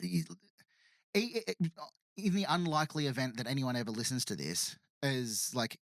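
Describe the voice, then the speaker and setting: A man's voice: mid-range voice, expressive, normal speed, fairly bright tone, no echo, clean studio sound. A man co-hosting a podcast in casual chat, stammering through restarts and joking about himself. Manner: stammering restarts, self-deprecating jokes. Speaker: podcast co-host.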